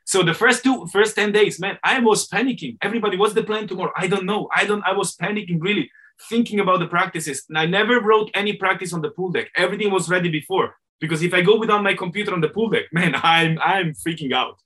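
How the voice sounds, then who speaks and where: A middle-aged swim coach speaks English as a second language in an interview, talking candidly and animatedly and correcting himself as he goes. His voice sits high and sounds bright and forceful, with a quick pace.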